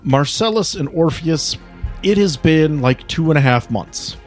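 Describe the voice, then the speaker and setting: A man's voice: on the high side, animated, unhurried. Male game master, playful, upbeat, music in background. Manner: playful and encouraging, laughs easily. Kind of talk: running a tabletop game.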